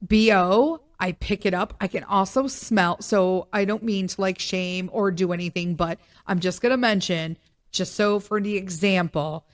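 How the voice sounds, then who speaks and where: A middle-aged woman hosting a podcast alone, chatting in an animated, joking way with loud emphatic asides, her voice still recovering from being sick. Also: mid-range voice. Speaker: podcast host. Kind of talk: casual solo podcast monologue.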